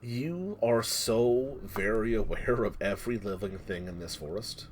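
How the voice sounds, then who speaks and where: Brief: low male game master, lively dramatic narration, faint music behind. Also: unhurried, slight background noise. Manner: dramatic, descriptive storytelling with frequent restarts.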